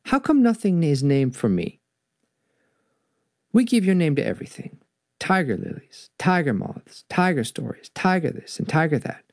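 A tiny, clever spider trickster pleads in a lilting Jamaican accent, as a man reads him aloud. The voice is a little raised and gravelly, swinging up and down, and it sounds close and dry. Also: on the high side, sing-song, moderate pace, a little mellow, dry recording, pitched above the performer's own voice. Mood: pleading.

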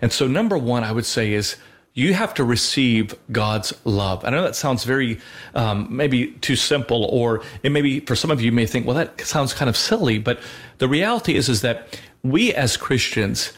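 Man, 30s, co-host on a faith talk show. Earnest and conversational, restarts often, ordinary mid-range voice. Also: mid-range voice. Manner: earnest, with many fillers and restarts. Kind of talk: conversational teaching.

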